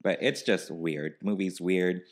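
A man's voice: sits low, moderate pace. A man talking casually as a podcast guest, chatty and full of "like" and "um". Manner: chatty, filler-heavy with "like" and "um". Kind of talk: casual chat.

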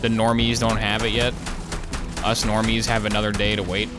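Male streamer, lowish voice, dry sarcastic let's play banter, loud game music under him. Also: moderate pace. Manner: sarcastic, joking, excitable yelps. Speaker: gameplay streamer. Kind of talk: casual let's play commentary.

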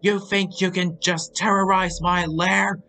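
A man voicing a possessed, demonic old man who yells in fury at a boy. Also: a little high, lively intonation, drawn-out words, faint music behind, voice pushed up, exaggerated voice. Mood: raging. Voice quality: yelling, distorted.

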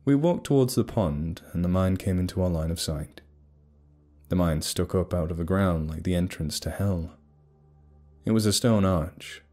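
A young adult man narrating a horror story in a steady, measured way. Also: sits low. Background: faint music.

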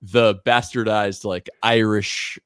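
A man in his thirties, a guest on a podcast, telling a story in a lively, animated way. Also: lowish voice, slow, clean tone, dry recording, clean studio sound. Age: 30s. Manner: animated, lively storyteller who acts out other people's lines and laughs often. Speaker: whiskey brand founder, podcast guest.

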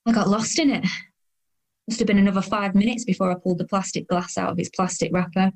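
Speaking fast in a steady, medium-pitched voice that is gravelly and natural, a woman in her thirties narrates in the first person. She plays a weary, self-conscious woman with a dry, sardonic tone.

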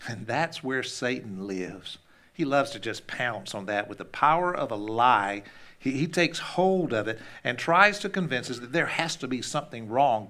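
Male pastor, mid-pitched, casual sermon delivery with loud-soft swings. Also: expressive, measured pace. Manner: conversational, repeats words when restarting; shifts between loud emphasis and hushed asides.

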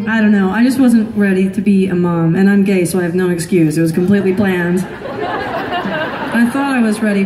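A woman's voice: mid-range voice, warm tone. A woman in her thirties, a singer-songwriter telling a funny story on stage between songs, laughing often and poking fun at herself. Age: 30s. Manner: laughing, self-deprecating humor. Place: live concert venue with audience. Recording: echoey live venue, distant mic, crowd noise.

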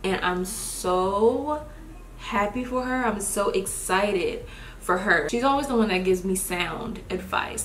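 A woman's voice: medium pitch, unhurried, a little hiss or hum. Chatty young woman in a roomy room. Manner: chatty and expressive, addresses viewers as y'all. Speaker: beauty vlogger. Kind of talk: casual get-ready-with-me chat. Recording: roomy home recording.

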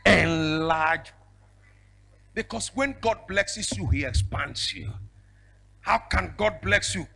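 A male evangelist, preaching a fiery sermon with prophetic declarations. He moves between shouted declarations and a low storytelling voice. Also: animated, slow, vocal fry, long pauses, husky. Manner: bursts into speaking in tongues.

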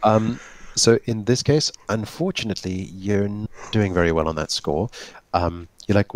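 A man's voice: lowish voice, normal speed, few pauses, no room sound. A man acting as game master of a tabletop role-playing game on a voice call, explaining rules wryly. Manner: explanatory, wry, laughs at his players.

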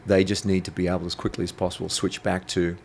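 Deep gravelly blunt man. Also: monotone, fast talker, slight background noise. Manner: blunt, provocative, swears freely. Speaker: guest, intuitive coach. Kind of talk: storytelling interview talk.

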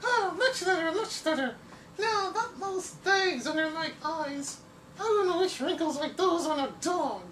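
A man voicing a fussy, swooning lady drawn on a chalkboard in a shrill, coy falsetto, recorded in an echoey room from a distance. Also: expressive, a little slow, fairly bright tone, a little hiss or hum, heavily acted.

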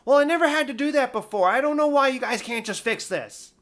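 A man's voice: very high voice, lively intonation, brisk, a bit bright, voice pushed up. A man voicing a confused, stubborn customer calling tech support, baffled and insistent.

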